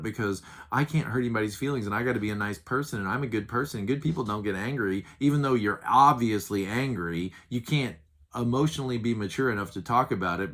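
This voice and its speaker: A man's voice: medium pitch, a bit bright. A middle-aged man coaching on handling anger, teaching earnestly and acting out little example conversations. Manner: earnest, emphatic, acts out example dialogues. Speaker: Enneagram relationship coach. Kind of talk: teaching talk to camera.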